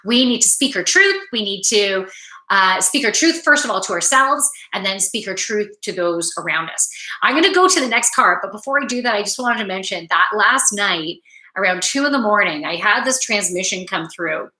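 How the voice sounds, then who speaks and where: A woman's voice: medium pitch, expressive, moderate pace, pushed and bright, reverberant, low-quality recording. A woman doing a casual spiritual card reading, chatty and rambling, tired from little sleep and laughing at herself. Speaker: tarot card reader.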